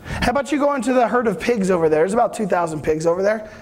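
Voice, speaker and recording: A man voicing a calm, unshaken Jesus who speaks in a laid-back, slangy way, as part of a sermon retelling. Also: high-pitched, rapid-fire, a little hiss or hum. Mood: easygoing.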